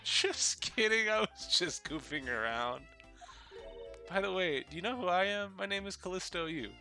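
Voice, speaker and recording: A man reading out a flippant young woman from a video game who mocks everyone she meets, in a bright, sharp voice over faint music. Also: high-pitched, expressive, moderate pace, pitched above the performer's own voice, full character voice. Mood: teasing. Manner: mocking, flippant. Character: teasing playful young woman. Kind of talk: live-streamed game reading.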